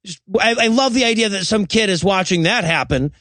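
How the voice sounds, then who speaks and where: A man co-hosting a comedy podcast, retelling a movie scene by scene with plenty of swearing. His voice sits high for a man. The recording is close and dry. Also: animated, brisk, fairly bright tone, no echo. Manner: profane, storytelling, acts out quotes. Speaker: podcast co-host.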